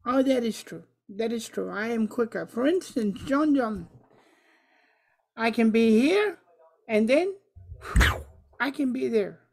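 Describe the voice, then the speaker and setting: A woman's voice: fairly high pitch, animated, slow pace, vocal fry, long pauses, a little mellow, heavily acted. A woman voicing a friendly vampire who patiently explains things in an earnest way.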